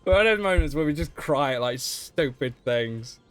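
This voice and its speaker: A man's voice: on the high side, expressive, normal speed, soft background music. A young man chatting casually on a game livestream, chatty and giggly. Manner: chatty and giggly, often laughing mid-sentence. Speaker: streamer.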